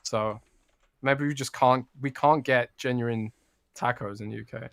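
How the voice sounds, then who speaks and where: A man's voice: medium pitch, steady tone, a little slow, creaky, a bit bright, dry recording. A British man from the UK co-hosting a podcast, chatty and rambling, laughing often. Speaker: podcast co-host. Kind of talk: casual chat.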